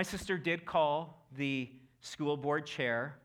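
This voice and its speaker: A middle-aged male pastor preaching a sermon in a church, impassioned, who acts out quotes loudly. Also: medium pitch, steady tone, moderate pace. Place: church auditorium.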